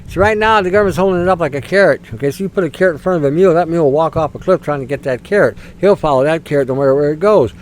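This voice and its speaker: A man's voice: fairly high pitch, racing, hardly any pauses, slight background noise, rough recording. A man hosting a podcast, speaking bluntly and scornfully in an opinionated rant. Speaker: podcast host.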